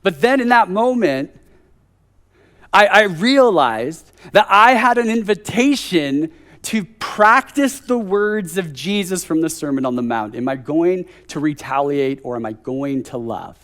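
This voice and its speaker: A man's voice: a little high, animated, unhurried, fairly bright tone. A man in his thirties preaching a conversational sermon at a church service, telling a story with joking asides.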